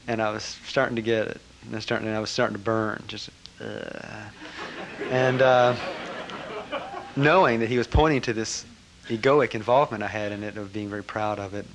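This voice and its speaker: Older man with a low voice, telling a story. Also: creaky, slight background noise, rough recording. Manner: reflective, halting, with lively acted-out quotes. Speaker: speaker recounting a spiritual teacher. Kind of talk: personal storytelling to a gathering.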